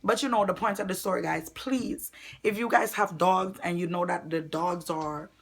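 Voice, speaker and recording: A woman's voice: on the low side, normal speed. A woman from Jamaica, telling a personal story to viewers in a storytime vlog. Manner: animated storytelling, addresses viewers directly. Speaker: vlogger.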